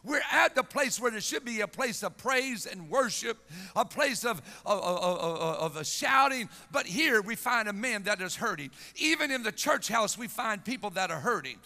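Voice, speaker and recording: A man with a Southern US accent preaching a fervent revival sermon as pastor, with halting repetitions and shouted rises. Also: sits high, expressive. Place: church sanctuary. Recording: reverberant church hall with organ music.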